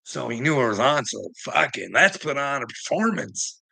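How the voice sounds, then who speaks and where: A man's voice: medium pitch, very animated, normal speed, gravelly, pushed and bright, breathy edge. A middle-aged man, ranting agitatedly in a personal vlog, swearing constantly with bitter laughs. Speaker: vlogger.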